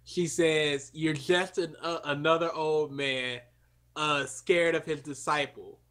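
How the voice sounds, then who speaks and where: A young man co-hosting a casual podcast chat, excitable and prone to sudden loud outbursts. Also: fairly high pitch, slow pace. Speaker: podcast co-host.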